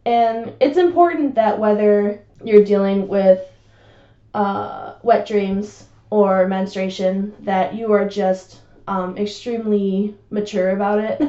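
A young woman co-hosts a casual podcast, joking and giggling through her stories with plenty of ums and uhs. Her voice sits mellow and warm. The recording sounds roomy and a little dull. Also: medium pitch, fairly even intonation, slow. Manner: joking, giggly, chatty with many fillers. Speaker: podcast co-host.

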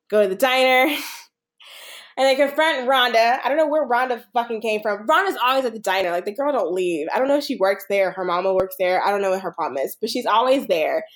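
A woman co-hosting a podcast, casually recapping a film, rambling with a lot of "like" and frequent laughter. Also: mid-range voice. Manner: rambling, laughs often, heavy use of "like". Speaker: podcast co-host.

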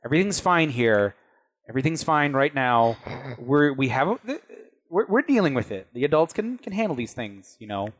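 A man voicing a woman who reassures children over the phone, halting and soothing. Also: medium pitch, sing-song. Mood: reassuring.

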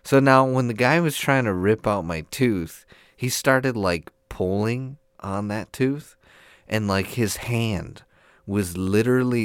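Man, low voice, dry close mic, sore jaw, rambling animated storyteller, podcast co-host. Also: smooth, dry recording. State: sore jaw after tooth surgery. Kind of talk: casual chat.

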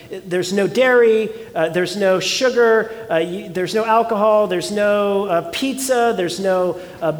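A man's voice: high-pitched, long reverb tail. A man preaching a sermon as pastor, earnest and conversational, often asking his congregation rhetorical questions.

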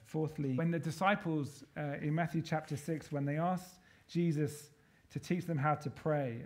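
A man preaching a sermon to a congregation, emphatic and rallying, drawing the listeners in with call-and-response questions. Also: fairly high pitch.

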